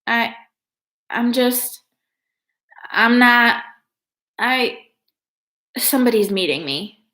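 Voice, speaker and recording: A frightened eleven-year-old girl, as a woman reading a storybook puts her on, small and unsure, her words faltering and breaking off. The voice sits well above the reader's own, bright and strained. The sound carries the ring of an echoey room. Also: a little high, expressive, drawn-out words, voice pushed up, full character voice. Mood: timid. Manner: hesitant, faltering.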